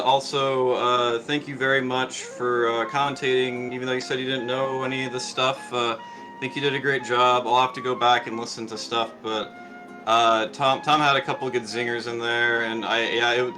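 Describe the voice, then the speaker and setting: A man's voice: medium pitch, low-quality recording. A middle-aged man chatting casually after a speedrun, rambling with lots of fillers and restarts. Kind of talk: casual post-run chat.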